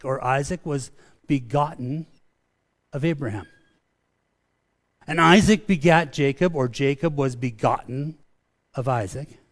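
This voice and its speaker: A middle-aged male pastor delivers a sermon in a slightly high voice. He preaches in a loose, conversational way, doubling back on words and restarting his sentences as he goes. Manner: calls his preaching a rant.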